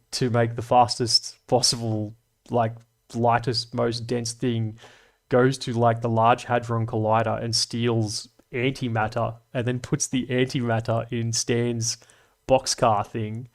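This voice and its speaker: A man hosting a livestream, chatting casually and reading out comments, rambling, swearing and laughing often. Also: medium pitch. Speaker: livestream host.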